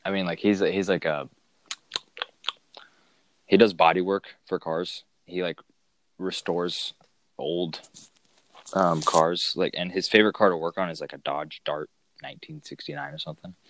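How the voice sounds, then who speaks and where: Deep-voiced man rambling in casual chat. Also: steady tone, normal speed, pauses often, fairly bright tone, dry recording. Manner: laughs often, rambling with many fillers. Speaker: co-host telling work stories.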